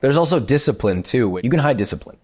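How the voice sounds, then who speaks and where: A chef telling a kitchen story in casual, animated talk, swearing freely and using lots of fillers. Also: male voice, medium pitch, fast.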